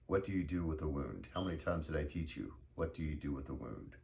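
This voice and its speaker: An impatient old fencing master lectures a pupil in a hectoring tone, as a man puts him on. The voice is extremely low and gravelly. It is a storybook reading. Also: animated, fairly quick, a little mellow, slight background noise, heavily acted.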